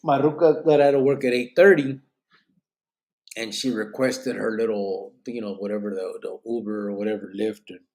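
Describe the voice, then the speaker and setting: A man's voice: on the low side, steady tone, normal speed, darkish tone. A man hosting a live podcast, reading out chat comments in a loose, rambling way with bits of Spanish slang, sounding tired and yawning. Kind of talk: casual live-stream chat.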